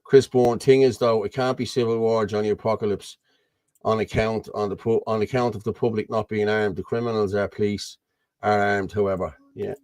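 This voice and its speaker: A man's voice: lowish voice, flat delivery, fairly quick, darkish tone, no echo. An Irish man hosting a casual political chat over a video call, rambling and blunt, often asking "you know what I mean". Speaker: host.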